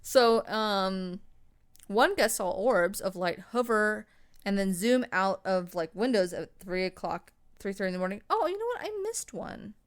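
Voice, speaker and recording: A woman's voice: medium pitch, expressive, unhurried, clear, resonant tone. Casual woman co-host: rambling, swears freely, breaks off into tangents mid-story. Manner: mock voices and tangents while telling ghost stories. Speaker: podcast co-host. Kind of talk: casual chat.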